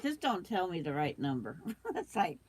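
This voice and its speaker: Older woman with the hiccups, a lowish voice, chatting casually as a sewing livestream host. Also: big pitch swings, moderate pace, husky. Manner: chatty, reads out viewer comments, hiccups.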